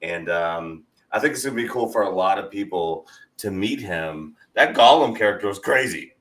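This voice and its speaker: A man co-hosting a podcast in casual chat, joking and animated. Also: fairly low pitch, moderate pace, low-quality recording. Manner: joking, animated, laughs easily. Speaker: podcast co-host.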